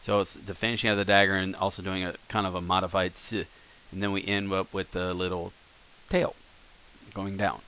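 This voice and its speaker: Bright-voiced man teaching alphabet. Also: low-pitched, normal speed, slight background noise. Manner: relaxed, thinking aloud with fillers and self-corrections. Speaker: language teacher. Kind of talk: screen-recorded lesson.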